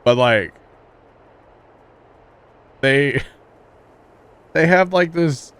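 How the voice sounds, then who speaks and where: A man's voice: fairly high pitch, expressive, very slow, fairly bright tone, smooth. A man livestreaming a farming game, talking casually and rambling to his chat, chuckling often. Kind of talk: casual chat while playing.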